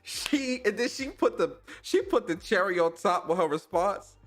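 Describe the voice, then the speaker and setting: A man's voice: high-pitched, normal speed. A young man hosting a podcast, reacting to clips in casual, slangy commentary and laughing often. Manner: animated, slangy, laughs a lot.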